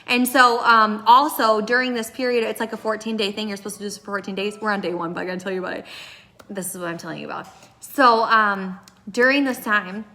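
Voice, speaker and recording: A woman's voice: mid-range voice, quick pace, sharp tone. A young woman chatting casually in a vlog, rambling with many restarts and fillers as she talks about her baby's bedtime. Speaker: mom vlogger.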